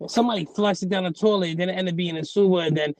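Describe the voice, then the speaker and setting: A man chatting casually as a podcast co-host, recalling things excitedly. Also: high voice, rapid-fire, no echo.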